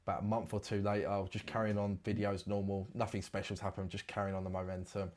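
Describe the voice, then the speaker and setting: Young male guest, quick and a bit low, casual slangy storyteller. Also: little pitch movement, a little mellow. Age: 20s. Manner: rambling storytelling with British slang. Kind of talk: casual interview chat.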